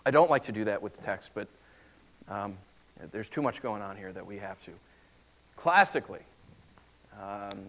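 Preaching in an animated, conversational style, a man with a mid-range voice performs the voices of the people he quotes.

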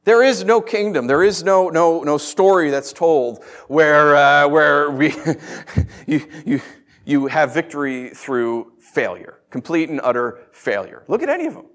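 A man preaching a sermon in an animated, conversational way, full of rhetorical questions. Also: fairly high pitch, a little slow.

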